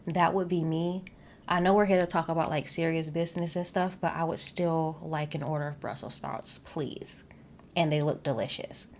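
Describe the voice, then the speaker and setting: A woman casually recapping a reality show episode, sassy and animated, with asides straight to her viewers. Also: low voice, moderate pace, a little hiss or hum. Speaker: recap vlogger.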